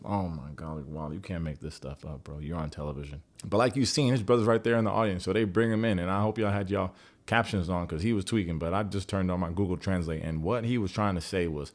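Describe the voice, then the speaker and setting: A man with a low-pitched voice talks through a reality show recap in a loose, comedic way. He cracks jokes and throws in slangy, profane asides as he goes. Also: fast. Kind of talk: casual comedic commentary.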